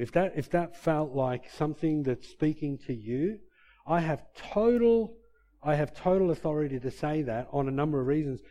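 A male preacher delivering a sermon with a mellow, warm tone and a slightly raised pitch. He shifts between loud, emphatic passages and quiet, low asides.

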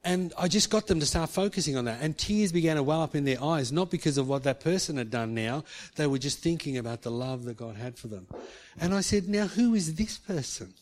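A man's voice: on the high side, animated, a little fast. A man preaching a sermon, earnest, acting out quoted speech and rising to emphatic peaks. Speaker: pastor.

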